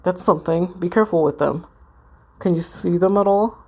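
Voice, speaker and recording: A woman's voice: lowish voice, normal speed, darkish tone. A woman reading the lines of a worried, loyal teenage girl who keeps asking urgent questions.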